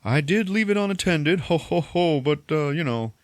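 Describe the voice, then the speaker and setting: A man's voice: fairly high pitch, lively intonation, normal speed, no echo, voice pushed up, close to an everyday voice. A man voicing a sly, pushy middle-aged male street Santa who stays jolly and sing-song. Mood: cheery.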